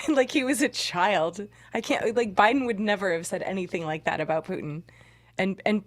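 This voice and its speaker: Woman, mid-pitched voice, chatty and talkative, casual podcast talk. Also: normal speed. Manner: chatty, explains herself, acts out voices in quotes. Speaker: podcast guest.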